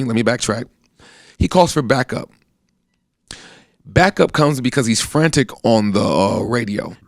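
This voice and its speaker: A man's voice: medium pitch, creaky, no room sound, clean studio sound. A man in his thirties, an army veteran, earnestly recounting a personal account in plain conversational speech. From United States. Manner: earnest, plainspoken, acts out quoted voices. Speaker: guest telling his story.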